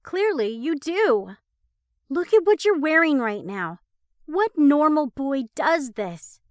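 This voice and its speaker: A woman's voice: sits high, sing-song, slow pace, dry recording, studio quality, voice pushed up, full character voice. A woman voicing a teasing young adult who has just transformed into a man, playful and then pleading. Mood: exasperated.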